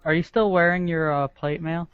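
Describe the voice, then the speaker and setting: A man's voice: fairly high pitch, steady tone, brisk, clean tone, no room sound, narrow, tinny audio. Giggly man player. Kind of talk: casual tabletop play over a call.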